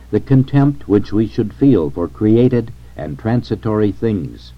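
Guy reading an old sermon out loud, slow and solemn, kinda low voice, muffled recording. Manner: solemn, measured delivery. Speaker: reader of a sermon. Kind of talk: sermon read aloud. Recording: dull lo-fi recording.

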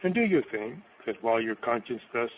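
A man's voice: medium pitch, lively intonation, fairly quick, dull audio, slight background noise. A man reading a sermon aloud in a solemn, declamatory manner, voicing quotations dramatically. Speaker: preacher.

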